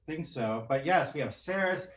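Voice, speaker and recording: A man's voice: fairly high pitch, lively intonation, normal speed, a bit bright, reverberant. A man hosting a cooking contest over a video call, chatty and jokey, with a playful, teasing way of talking. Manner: chatty, jokey, hums to himself. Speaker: host.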